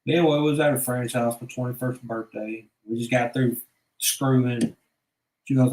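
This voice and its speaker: A man's voice: medium pitch, normal speed, a little mellow. A man, telling stories from his life in a blunt, rambling, profane way. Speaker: vlogger. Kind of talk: casual personal storytelling. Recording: echoey room.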